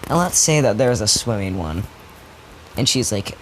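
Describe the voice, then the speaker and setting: A man's voice: lowish voice, normal speed. A young man improvising a fan-fiction story in a rambling, profane, casual way, with many restarts. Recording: steady background noise.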